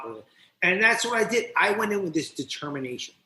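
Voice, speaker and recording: A man from New Jersey tells his own story as a podcast guest, lively and quick, acting out each scene. His voice sits a little high and rings bright and forceful. The sound bounces around an echoey room. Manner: animated, quick, acts out scenes as he tells them. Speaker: podcast guest, speaker and coach. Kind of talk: candid storytelling in conversation.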